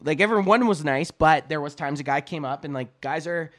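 A young Canadian man co-hosting a podcast, loud and joking, swearing freely in casual chat. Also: a little high, fairly quick, dry recording, studio quality. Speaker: podcast co-host.

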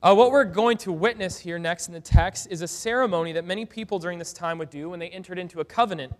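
A man with a high-pitched voice preaches a sermon from the pulpit. His delivery is earnest and exhorting, urging listeners directly. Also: quick pace. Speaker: pastor.

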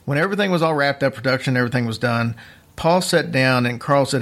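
A man with a mid-range voice tells a story on a podcast. His delivery is casual and rambling, full of restarts and fillers. His pace drifts between quick bursts and slow, drawn-out phrases. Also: medium pitch, a bit bright. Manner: rambling, chatty, restarts sentences, uneven pace.

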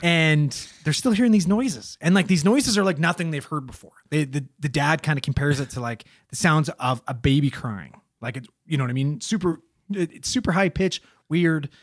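A man's voice: a little high, moderate pace, no room sound, studio quality. A man casually telling a story on a podcast, swearing a lot in a loose, joking way.

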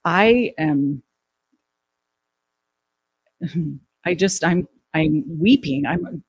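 Slow, gravelly middle-aged woman. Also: sits low, lively intonation, low-quality recording. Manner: halting, with frequent restarts. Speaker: guest recounting a family death. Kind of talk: emotional personal storytelling.

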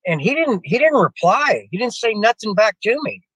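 An older man spins a long, meandering anecdote. He digresses, restarts phrases, and keeps calling out to the host. His voice sits a bit high, and the sound is dry and close with no room around it. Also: sing-song, normal speed, fairly bright tone, breathy edge, no room sound, rough recording. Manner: digressive, restarts often, addresses the host by name. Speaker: guest telling a personal story. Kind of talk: rambling spoken anecdote.

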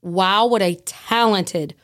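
A woman guest on a podcast, telling a story in a casual, animated way and acting out the dialogue. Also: medium pitch, takes it slowly. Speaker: guest, former prison staff.

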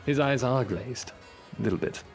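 A man narrating as game master of a tabletop game, lively and halting, with many fillers. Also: mid-range voice, soft background music.

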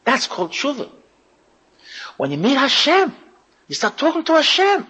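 Woman preaching to a room of women, high voice, keeps repeating herself, fired up. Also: sing-song, moderate pace, long pauses, a bit bright, husky, poor audio. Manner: impassioned, repeats phrases, asks the audience questions. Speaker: religious teacher. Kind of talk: lecture to a women's audience.

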